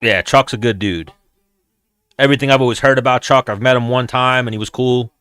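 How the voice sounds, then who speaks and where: A man hosts a casual watch-along and talks to his viewers in a loose, rambling way, swearing freely as he goes. His voice sits at an ordinary male pitch. The sound is close and dry, with no room around it. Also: steady tone, fairly quick, a bit bright, clean tone, no echo. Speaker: host.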